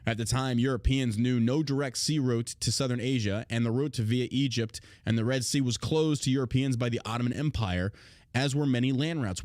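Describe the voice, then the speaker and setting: A man's voice: mid-range voice, brisk, darkish tone, no room sound, studio quality. A man hosting a podcast, swearing often and mocking as he reads out history and rants. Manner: crude, mocking, swears a lot. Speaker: podcast host. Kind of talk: casual podcast rant, reading aloud.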